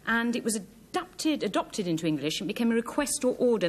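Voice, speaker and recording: A woman on a panel game explaining a definition in a measured way. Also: medium pitch, big pitch swings.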